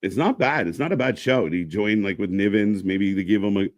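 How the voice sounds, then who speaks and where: A man co-hosting a casual live wrestling stream, calling the action with hyped, animated reactions. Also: on the low side, brisk, no echo. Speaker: co-host. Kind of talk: casual live play-by-play chat.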